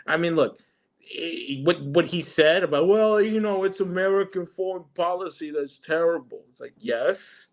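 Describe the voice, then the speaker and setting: Male panelist, high voice, mocking, halting delivery. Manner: mocking, halting with fillers, acts out imagined quotes. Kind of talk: political panel talk.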